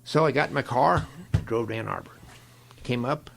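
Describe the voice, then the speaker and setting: An older man from Ohio, a guest on an interview show, telling stories in an animated way and acting out the voices of people he quotes. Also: medium pitch, normal speed, gravelly, slight background noise. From Ohio, USA. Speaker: guest, longtime football equipment manager. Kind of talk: storytelling interview.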